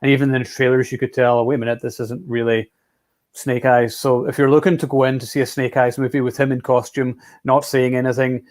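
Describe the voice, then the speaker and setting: A man hosting a casual film chat show, relaxed and rambling, often restarting his sentences. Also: medium pitch, brisk. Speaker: podcast host.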